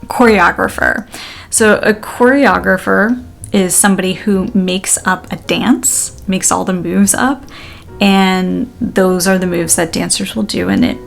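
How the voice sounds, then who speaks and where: A woman teacher walks through pronunciation at a slow, unhurried pace, stretching words out syllable by syllable. Her voice sits at an ordinary middle pitch, and her delivery is friendly and casual, with frequent light laughs. Faint music plays softly underneath. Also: steady tone, gravelly. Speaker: language teacher. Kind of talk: pronunciation lesson.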